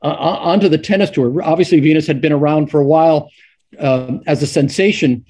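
A man's voice: a little high, brisk, darkish tone. A middle-aged man, a sportswriter guest, telling stories casually with many restarts and fillers. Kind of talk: casual storytelling.

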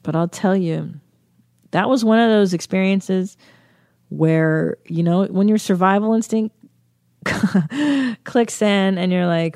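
A woman's voice: mid-range voice, takes it slowly, long pauses, a little mellow, dry recording, studio quality. A young woman comedian telling a travel story with lots of swearing and self-mocking jokes. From United States. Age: young adult. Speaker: comedian and podcast host. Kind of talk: comic storytelling.

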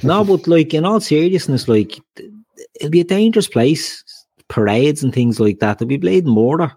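A man's voice: a little high, expressive, moderate pace, a little mellow, slightly rough, dry recording. A man hosting a casual football podcast, bantering with his co-hosts and throwing in jokey asides to the listeners. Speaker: podcast host.

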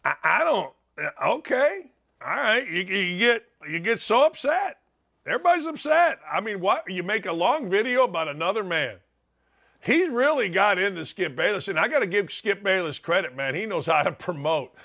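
A man's voice: high voice, normal speed, creaky. A man hosting a radio show, delivering an opinionated monologue with lots of stammering restarts and repeated phrases. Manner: repetitive, excitable, stammering restarts. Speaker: talk radio host.

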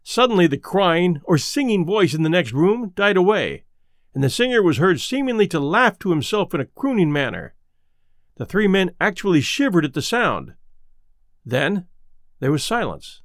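A man reading a ghost story aloud as narrator, with expressive storytelling. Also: high-pitched, normal speed, no echo, studio quality. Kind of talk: scripted narration.

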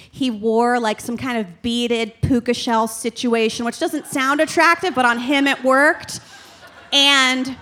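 A woman's voice: on the high side, fairly bright tone. A young adult woman doing stand-up comedy, telling a candid, rambling and self-deprecating story.

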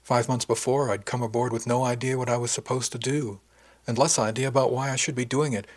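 A man reads a first-person audiobook with steady, even storytelling. His voice is husky and sits at an ordinary pitch for a man. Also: brisk. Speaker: audiobook narrator. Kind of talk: first-person scripted narration.

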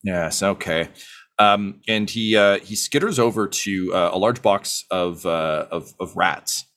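A man running a tabletop game, narrating in a halting way and filling pauses with ums and uhs. His voice sits somewhat low. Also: a bit bright. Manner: halting, many fillers. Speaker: game master.

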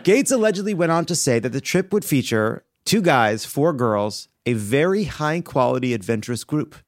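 A man's voice: mid-range voice, lively intonation, moderate pace, no echo, studio quality. Sarcastic man delivering a comedy monologue. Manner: sarcastic, punchy joke delivery. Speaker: comedy show host.

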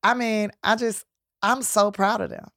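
A woman's voice: medium pitch, fairly even intonation, gravelly, a bit bright, dry recording, studio quality. Playful woman comedian guest, blunt humor. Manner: playful, quick jokes, blunt. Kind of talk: casual chat.

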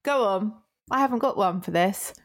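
Woman co-host, casual podcast chat, quick to laugh, stammers when she acts things out. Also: mid-range voice. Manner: laughs often, stammers through role-play apologies.

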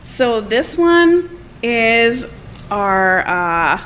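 A woman's voice: on the high side, sing-song, drawn-out words, a bit bright, slight background noise, low-quality recording. A woman who owns a cafe and cooks there, chatting with enthusiasm about her food and laughing often on a food show. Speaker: cafe owner and cook. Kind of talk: casual chat on a food show. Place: restaurant.

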